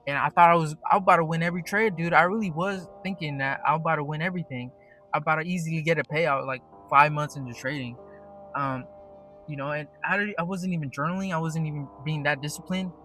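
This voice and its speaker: A man's voice: a little high, fairly bright tone. A young man telling a story in a casual, rambling monologue, swearing often and restarting his sentences. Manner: profane, rambling, many restarts. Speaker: day trader vlogger. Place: at work.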